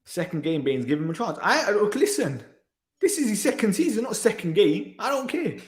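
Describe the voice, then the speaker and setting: Recorded in a room with noticeable echo, this man's high, very animated voice moves fairly quickly. As host of a football reaction channel, he vents exasperation over the match, sighing heavily and repeating himself.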